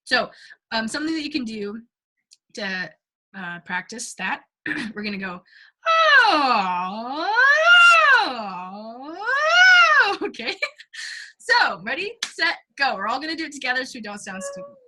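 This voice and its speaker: A woman's voice: on the high side, sing-song, moderate pace, noisy background. Chatty, giggly young woman teaching singing. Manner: chatty and giggly, many ums and likes, bursts into sung demos. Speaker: singing workshop leader. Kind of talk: casual teaching to a class.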